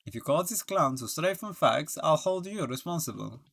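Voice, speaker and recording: Brief: arrogant game prosecutor woman, fake English accent, bright tone, played by a man. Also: on the high side, lively intonation, normal speed, vocal fry, full character voice. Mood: haughty. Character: cold arrogant young female prosecutor.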